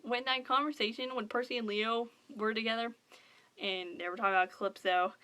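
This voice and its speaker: High-voiced gushing young woman. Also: fairly quick. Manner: gushing, excitable, rambling with many fillers. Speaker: book vlogger. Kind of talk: casual book review vlog.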